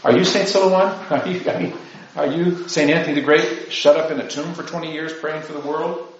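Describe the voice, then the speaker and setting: A man's voice: a little high, fairly even intonation, fairly quick, slight background noise. A man giving an informal spiritual talk to his parish, rambling and self-deprecating, full of asides. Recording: distant mic, very echoey, dull lo-fi sound.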